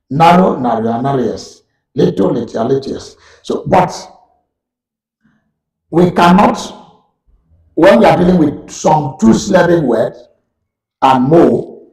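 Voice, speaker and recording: A man with a Nigerian accent teaching English grammar in a slow, repeating lecture style. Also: mid-range voice, creaky, darkish tone, far from the mic. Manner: slow, repetitive explaining. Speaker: university lecturer. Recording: echoey room, voice off-mic.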